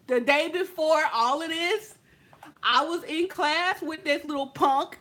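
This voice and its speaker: Young woman from california telling a story, high bright voice, super animated. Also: moderate pace. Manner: animated, acts out friends' lines. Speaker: makeup vlogger telling a story. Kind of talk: casual storytime chat.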